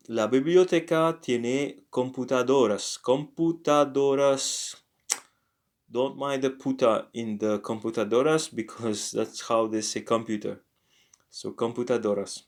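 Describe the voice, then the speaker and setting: A man teaching a casual language lesson, talking slowly and haltingly with many fillers and self-corrections. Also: mid-range voice. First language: French.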